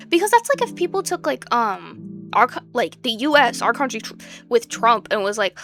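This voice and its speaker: A young woman reacting to posts in casual commentary, rambling and exasperated, sliding from low mutters to loud outbursts. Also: very animated, moderate pace. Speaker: video creator reacting to posts. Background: guitar music.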